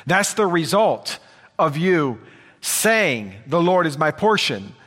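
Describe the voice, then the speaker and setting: A man's voice: on the high side, big pitch swings, slow pace, a bit bright. A man preaching a sermon in an earnest way, repeating phrases for emphasis. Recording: long hall reverb.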